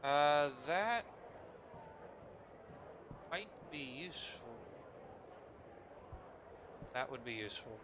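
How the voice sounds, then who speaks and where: A man's voice: a little high, very animated, extremely slow, pauses often, lo-fi sound, background noise. Chatty self-deprecating male streamer. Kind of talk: casual commentary while gaming.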